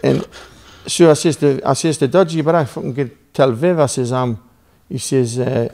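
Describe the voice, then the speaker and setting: Geordie man, guest on a podcast, gravelly voice, rambling, profane storyteller who quotes both sides of a row. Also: mid-range voice, fairly even intonation, moderate pace, warm tone. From Newcastle, England. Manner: rambling, swearing, acts out dialogue. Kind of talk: casual storytelling.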